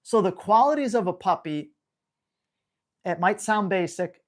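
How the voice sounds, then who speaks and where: A man's voice: sits high, animated, unhurried, pauses often. A man hosting a live dog-training Q&A, talking bluntly and hammering home key words. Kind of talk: live Q&A stream.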